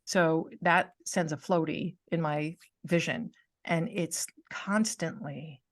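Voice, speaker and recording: Lively middle-aged woman storyteller, lowish voice. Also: takes it slowly, no echo, clean studio sound. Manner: animated storytelling, acts out quoted voices, laughs often. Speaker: podcast host. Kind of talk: casual chat. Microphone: video call.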